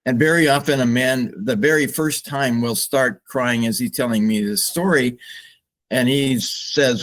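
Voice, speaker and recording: An older man with a mid-range voice appears as a psychologist guest on a podcast interview. He speaks slowly and reflectively, showing his emotions openly.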